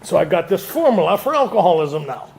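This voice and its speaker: Gravelly man telling his recovery story. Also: sits high, very animated, fairly quick, a little mellow, a little hiss or hum. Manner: storytelling with laughs and acted-out quotes. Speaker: AA speaker. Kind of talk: recovery talk to a group.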